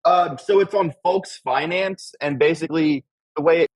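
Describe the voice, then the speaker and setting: Guy on a panel, kinda high voice, lots of ums, dry sound. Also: normal speed, breathy edge, no room sound, poor audio. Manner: hesitant, lots of ums and likes. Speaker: panel guest. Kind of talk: casual panel chat.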